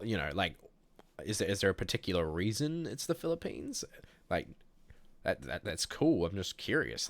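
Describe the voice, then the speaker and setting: A man's voice: low-pitched, fairly bright tone, no echo. A man hosting a live stream, chatting casually and reading viewer messages, rambling and joking with lots of fillers. He says he is sick. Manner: rambling, jokey, many fillers and restarts. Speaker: livestream host.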